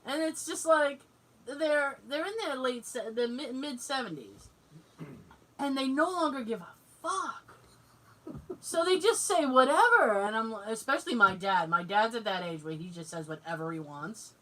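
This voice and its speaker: A woman in her forties co-hosting a podcast, telling family stories in casual chat, animated, laughing often and swearing freely. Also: fairly high pitch, normal speed. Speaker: podcast co-host. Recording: distant mic, noisy.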